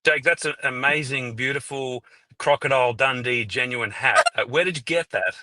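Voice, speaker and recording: This is a man from Melbourne with an Australian accent. He banters in a teasing, deadpan way, one joke after another. His voice is bright and recorded close and dry. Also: medium pitch, normal speed, no room sound. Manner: joking, teasing, deadpan asides. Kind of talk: casual livestream banter.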